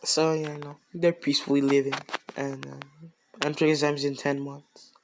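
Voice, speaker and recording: A man improvising a fan story narration, slow and hesitant, full of ums and you-knows. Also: a little high, level tone, slight background noise. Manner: slow, hesitant, lots of fillers.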